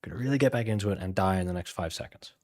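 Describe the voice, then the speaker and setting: A man's voice: low-pitched, rapid-fire, a little mellow. A man, casually chatting while playing a video game, rambling and self-deprecating with mumbled asides. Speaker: gaming channel host. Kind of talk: casual gameplay commentary. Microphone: desk mic with webcam.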